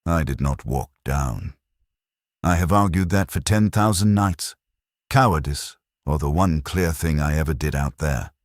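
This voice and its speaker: Very deep-voiced man, somber horror narration. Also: no echo, studio quality. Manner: measured, somber, confessional. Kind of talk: first-person horror story narration.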